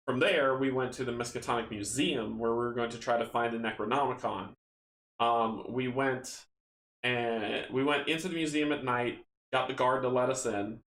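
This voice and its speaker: A chatty male host playing a card game solo, recapping and reading story text in a relaxed, easygoing way. His voice sits at an ordinary pitch, and the room has a noticeable echo with faint noise underneath. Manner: chatty, relaxed, with many fillers. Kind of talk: casual tabletop game play-through and story reading.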